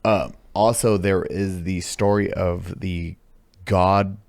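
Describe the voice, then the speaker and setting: Low gravelly man on a podcast. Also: takes it slowly, no echo. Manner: animated, laughing, swearing, jumps into high mock voices. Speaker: podcast host. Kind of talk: casual podcast chat.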